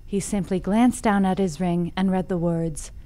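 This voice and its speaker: A woman's voice: on the low side, fairly even intonation, normal speed, warm tone. A woman presenting a scripted storytelling segment on a podcast, laughing at herself and playful in between. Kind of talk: reading a scripted segment and chatting.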